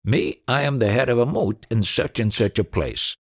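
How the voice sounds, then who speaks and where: A man's voice: mid-range voice, animated, normal speed, pitched above the performer's own voice. A man voicing a scheming wandering holy man in an audiobook, bossy and cunning. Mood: pleading. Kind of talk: audiobook reading.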